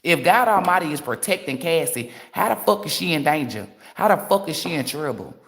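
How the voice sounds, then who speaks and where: A woman's voice: sits low, big pitch swings, fairly quick. A woman tarot reader delivering a blunt, profane, emphatic rant on a livestream.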